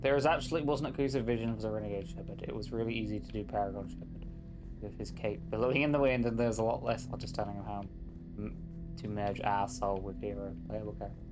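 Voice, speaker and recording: A man's voice: on the low side, steady tone, fast talker, music in the background. A man live-streaming a game, chatting casually, joking and teasing as he reads chat aloud.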